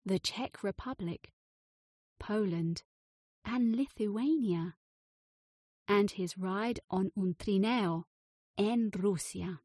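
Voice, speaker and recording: A woman narrating a children's storybook, spacing each phrase out very slowly. Her voice is husky and a bit breathy. The sound is dry and close. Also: medium pitch, darkish tone, no room sound. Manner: slow, clear storybook reading.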